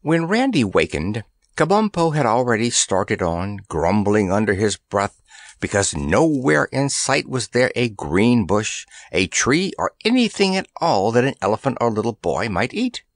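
A man narrating a children's fantasy audiobook in a measured, expressive storytelling manner, close to the microphone. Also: lowish voice, no room sound. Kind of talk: reading a children's fantasy novel aloud.

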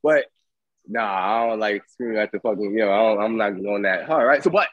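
A man co-hosting a casual debate chat, telling animated stories and acting out what others said. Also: fairly low pitch, brisk, no room sound, narrow, tinny audio. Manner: animated storytelling, acts out quoted voices. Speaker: podcast co-host.

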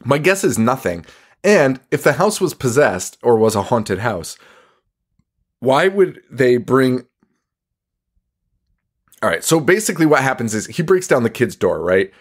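This podcast co-host has a mid-range, sing-song voice that's slightly rough, and he talks a little slowly with frequent pauses. In a casual chat he goes over a film, full of profanity and laughter, with mocking quotes scattered through his meandering recap.

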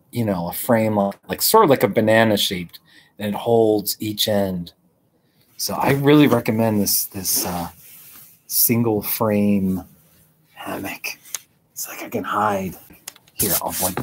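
A man live-streaming from a hammock outdoors, chatting casually and rambling with a relaxed, drawn-out manner. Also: fairly low pitch, slight background noise.

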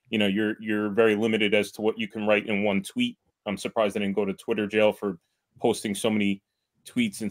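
A man with a New York accent, a supporters club organizer talking through events as a podcast guest, detailed and methodical. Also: lowish voice. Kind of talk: casual podcast chat.

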